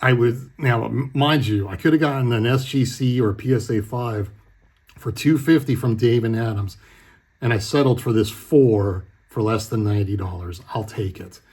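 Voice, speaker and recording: Husky, chatty man showing his collection. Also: medium pitch, moderate pace, darkish tone. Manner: chatty, rambling, self-correcting storyteller. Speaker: card collector host. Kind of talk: casual show-and-tell chat.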